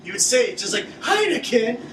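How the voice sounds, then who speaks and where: A man's voice: on the high side, fairly quick. Chatty man commenting on a film. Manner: chatty, eager, storytelling. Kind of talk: casual film commentary chat. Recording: echoey room, distant mic, noisy.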